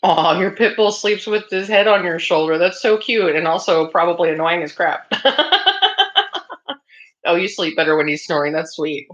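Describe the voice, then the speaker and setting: A woman whose voice is on the low side hosts a relaxed craft stream at normal speed and in a steady tone. She reads viewer comments aloud and chats in reply, often laughing and saying um, on a slightly dull lo-fi recording.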